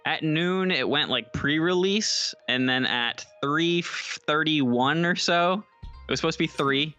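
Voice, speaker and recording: Male podcast co-host, bright and chatty, faint music bed. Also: fairly high pitch, clear, resonant tone. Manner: quick, chatty, lots of fillers and asides. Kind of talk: casual chat.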